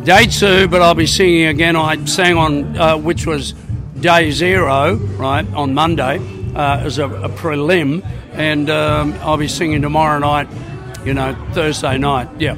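A man's voice: a little high, steady tone, unhurried, music in the background. An Australian man, a singer and festival emcee, telling tall tales outdoors. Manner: jokey, playful tall tales.

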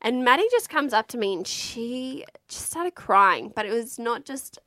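A woman's voice: a little high, expressive, a little slow, pushed and bright, no echo, clean studio sound. A woman, frankly recounting her birth story in a casual, chatty way, swearing freely.

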